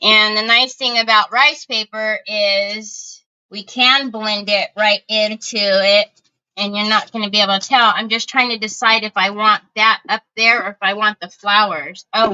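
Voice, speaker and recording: Bright, clear-voiced woman hosting a craft stream. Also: mid-range voice, fairly even intonation, unhurried, dull audio. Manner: chatty, answers viewers' comments and thinks aloud. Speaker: craft livestream host. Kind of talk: casual livestream chat while crafting.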